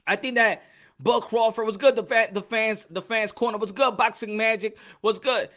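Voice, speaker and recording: Animated boxing stream host, bright voice. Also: male voice, high voice, moderate pace. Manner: animated, repetitive, shouting out chat names. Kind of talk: live-stream commentary chatting with viewers.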